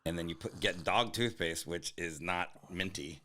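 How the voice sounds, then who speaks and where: A man co-hosting a comedy podcast, joking with heavy swearing and quick interjections. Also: low-pitched, sharp tone. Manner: profane, quick jokey interjections. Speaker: podcast co-host. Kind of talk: casual comedy chat.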